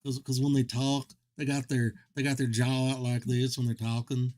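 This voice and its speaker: A man's voice: mid-range voice, flat delivery, moderate pace, hardly any pauses, a little mellow. A man hosting a game livestream who tells long, rambling, self-deprecating stories, restarting his sentences often. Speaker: livestream host. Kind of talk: casual chat while streaming a game.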